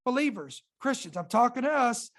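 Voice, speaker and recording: A woman hosting a Christian podcast, talking earnestly and reading her notes slowly, with emphatic stresses. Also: a little high, big pitch swings. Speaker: podcast host. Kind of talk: Christian podcast commentary, partly read aloud. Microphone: podcast microphone.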